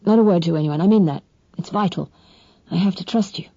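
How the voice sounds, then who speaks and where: A woman reading an audiobook and voicing a sick young man in his twenties, who talks in weak, hushed, clipped bursts with firm authority. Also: high voice, brisk, no room sound, muffled recording. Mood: weary, urgent. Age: 20s.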